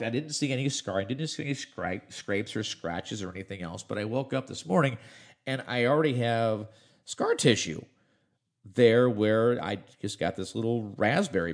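Congested man chatting on a podcast. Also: fairly low pitch. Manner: chatty, rambling, self-interrupting. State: congested from allergies. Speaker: radio host doing a podcast. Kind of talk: casual podcast monologue.

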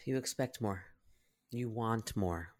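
Wry, calm podcast co-host. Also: mid-range voice, takes it slowly. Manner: wry, calm, reads listener posts aloud. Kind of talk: casual chat.

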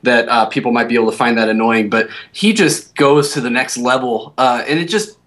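Give me a man with a fairly high voice in casual podcast chat, quick and nervous. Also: fairly bright tone.

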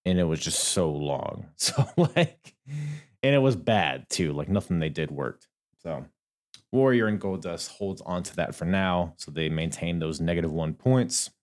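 A young adult man with a low voice hosts a solo podcast, talking casually and thinking out loud, with frequent fillers and restarts.

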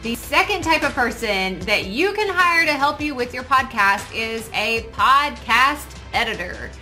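A woman podcast coach giving casual, upbeat advice to listeners, chatty and quick to poke fun at herself. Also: on the high side, animated, sharp tone, soft background music. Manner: chatty and upbeat, self-mocking asides.

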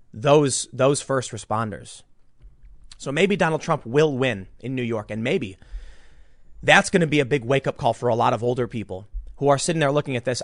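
A man's voice: medium pitch, no echo, clean studio sound. An American man giving emphatic, indignant political commentary, often repeating his words. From United States. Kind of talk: opinion commentary.

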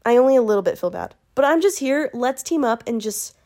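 A woman's voice: a little high, expressive, a little fast, darkish tone. A bubbly young woman hosts her own podcast, chatting alone to her listeners. Her talk is casual and self-mocking, and she jokes at her own expense as she goes. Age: young adult. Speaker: podcast host. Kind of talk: casual solo podcast chat.

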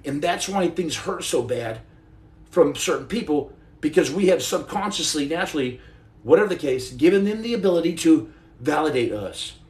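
A man's voice: a little high, roomy sound, recorded from a distance. A man in his forties hosting a casual livestream from home, rambling and joking while he paints and answers viewer comments. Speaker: livestream host. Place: indoor room at home.

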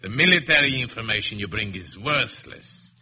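Sneering bored general, sharp bright tone, old radio villain. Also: male voice, medium pitch, expressive, slightly rough, full character voice. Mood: contemptuous. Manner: sardonic, contemptuous, measured. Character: bored, cruel middle-aged male general. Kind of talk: 1950s radio drama acting.

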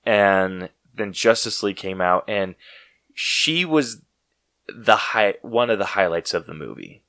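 A man hosting a casual podcast chat, excitable and full of "like" fillers. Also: on the low side, a little slow, no echo. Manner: excitable, heavy use of "like" fillers. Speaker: podcast host.

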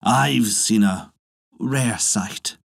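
A man voicing a sly old soldier, speaking slowly and calmly with a husky voice. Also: lowish voice, no room sound, clean studio sound, full character voice. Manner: slow, unhurried, sly. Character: sly old soldier trickster, smooth and calm.

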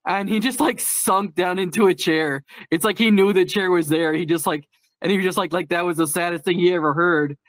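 A man's voice: high voice, fairly even intonation, fairly quick, a bit bright, no echo. A man chatting casually on a podcast, telling stories in a candid, darkly humorous way, often laughing. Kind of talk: casual chat.

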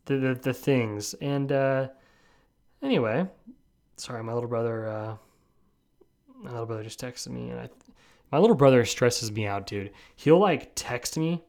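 A young man hosting a casual solo podcast, telling a rambling story with lots of restarts and asides. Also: medium pitch. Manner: rambling, animated, self-interrupting. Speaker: podcast host.

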